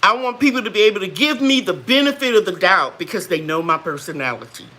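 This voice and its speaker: A woman's voice: medium pitch, lively intonation, quick pace, pushed and bright. A woman hosting a live gardening chat, folksy and chatty, greeting viewers and laughing often. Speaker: gardening channel host.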